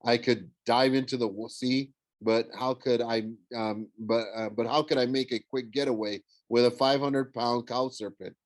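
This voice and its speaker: A man's voice: medium pitch, fairly even intonation, normal speed, no room sound. A man narrating a novel in the first person, stumbling and correcting himself now and then. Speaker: audiobook reader.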